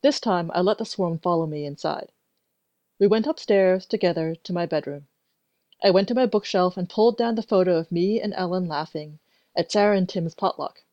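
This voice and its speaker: A woman narrating a first-person story in an even, measured way. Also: fairly low pitch, dry recording. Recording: dry, dull lo-fi recording.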